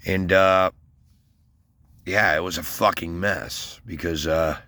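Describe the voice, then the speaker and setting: A man with an extremely deep, forceful voice, telling a long story in a casual, rambling monologue. He swears often and fills gaps with fillers. The sound is dry and close. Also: steady tone, slow pace, dry recording. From Westland, Michigan, US. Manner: rambling, profane, many fillers. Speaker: storyteller recounting military service.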